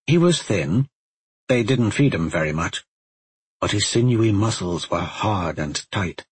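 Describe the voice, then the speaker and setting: A man calmly narrating a fantasy story in a steady, even storytelling manner. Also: lowish voice, measured pace, husky. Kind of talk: audiobook narration.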